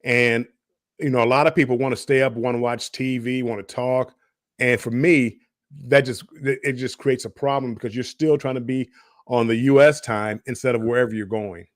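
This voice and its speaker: A man's voice: mid-range voice, steady tone, moderate pace, no echo. Rambling middle-aged man, dry sound. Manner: rambling, many restarts and repeated words. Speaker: cruise show co-host. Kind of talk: casual live-stream chat.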